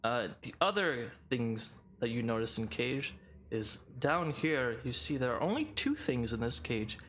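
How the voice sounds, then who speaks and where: A man narrating a tabletop game as game master, unhurried, with many fillers and restarts. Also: medium pitch, big pitch swings, a bit bright, a little hiss or hum.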